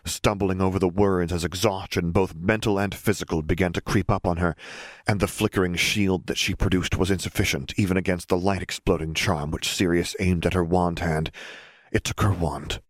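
A man reading a fantasy story aloud in a steady, measured narration. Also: deep voice, no echo, clean studio sound. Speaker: audiobook reader. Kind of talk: narrated fan fiction reading.

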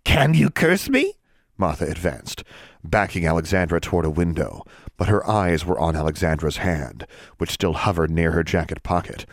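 Deep-voiced man narrating a story. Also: steady tone, moderate pace, dry recording, clean studio sound. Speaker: audiobook narrator. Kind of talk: scripted narration.

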